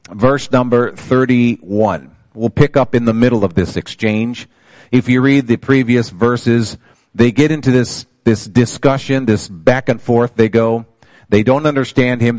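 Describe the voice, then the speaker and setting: A man's voice: mid-range voice, darkish tone, no echo. An older man preaching a sermon, calling out to his congregation and reading scripture aloud with rising emphasis. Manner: preaching with call-outs to the congregation. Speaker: pastor.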